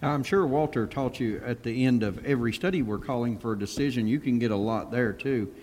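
A pastor telling lively stories and acting out the quotes as he goes. His voice sits at a middle pitch, and a long reverb trails behind it in the room. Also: fairly quick. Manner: animated storyteller who acts out quotes and laughs. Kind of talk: casual panel discussion.

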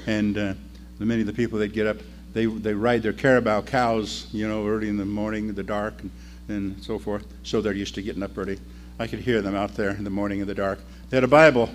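A man preaching a sermon, telling the story in an animated way that swings between loud and quiet. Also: lowish voice, a little fast, a little hiss or hum.

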